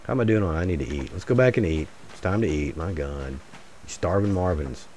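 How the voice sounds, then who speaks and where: Deep-voiced man rambling over gameplay. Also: lively intonation, brisk, darkish tone, slight background noise. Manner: rambling, jokey, mutters asides to viewers. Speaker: gaming channel host. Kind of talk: casual solo gameplay commentary.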